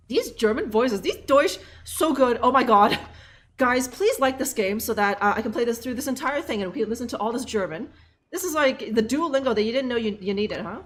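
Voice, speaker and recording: A woman streamer chatting and joking while playing a game live, reading subtitles aloud. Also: fairly high pitch. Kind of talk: casual live game commentary.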